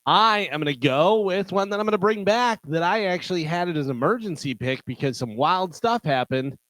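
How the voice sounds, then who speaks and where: Male radio co-host, mid-range voice, animated storyteller, close dry studio mic. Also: high-pitched, brisk, dry recording. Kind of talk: morning radio banter. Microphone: studio microphone.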